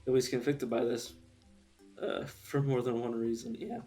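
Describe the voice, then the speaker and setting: A man's voice: medium pitch, fairly even intonation, moderate pace, dark tone, soft background music. A young man chatting casually on a live stream, rambling through his opinions, swearing and laughing often.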